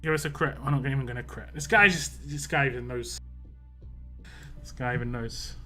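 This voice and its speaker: A young man live-streaming a mobile game, chatting casually, greeting viewers by name and getting excitable over lucky rolls. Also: mid-range voice, normal speed, soft background music. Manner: excitable when hoping for lucky results. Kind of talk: live-stream gameplay chat.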